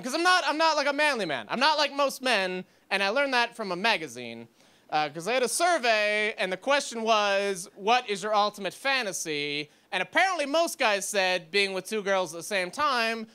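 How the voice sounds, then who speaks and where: Young male stand-up, high and clear voice, rambling self-deprecating delivery, club stage mic. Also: very animated, normal speed, sharp tone. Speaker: stand-up comedian. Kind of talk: stand-up routine.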